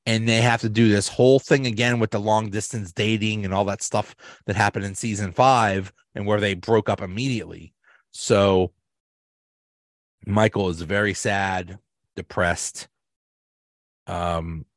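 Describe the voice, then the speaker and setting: A man hosting a casual solo podcast, talking in a rambling way with restarts and quick bits of quoted voices. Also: sits low, no echo, studio quality. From Pittsburgh area. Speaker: podcast host.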